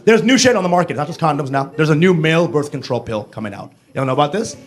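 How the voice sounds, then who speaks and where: A man's voice: a little high, lively intonation, fast talker. A man performing a brash, profane stand-up set on a club stage, mimicking accents and voices. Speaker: stand-up comedian. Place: comedy club stage before a live audience.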